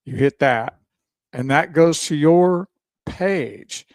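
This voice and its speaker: A man's voice: fairly high pitch, slow, a little mellow, no echo. A man co-hosting a radio talk show, chatting with his partner and walking listeners through steps. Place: radio studio.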